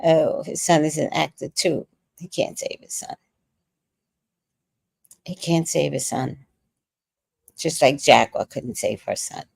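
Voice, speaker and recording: In a deep, creaky voice with a breathy edge, a woman in her sixties takes it slowly and pauses often as she reads viewer comments on her livestream, talks about movies, and says she's tired. She chats casually, laughs at the comments, and suddenly sings snippets. The recording is dry.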